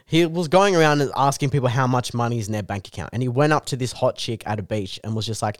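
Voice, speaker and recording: A man's voice: medium pitch, fast, hardly any pauses, no echo, studio quality. A man ranting in crude, swear-heavy podcast banter. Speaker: podcast co-host.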